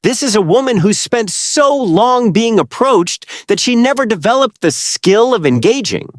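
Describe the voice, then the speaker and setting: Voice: mid-range voice, sing-song, normal speed, dry recording, studio quality. A narrator giving scripted, judgmental commentary in a lecturing tone. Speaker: channel narrator.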